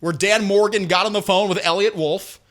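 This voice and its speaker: A man hosting sports talk, ranting with sarcastic energy. His voice sits high and sounds bright and forceful. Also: fairly even intonation, normal speed. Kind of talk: opinionated sports commentary.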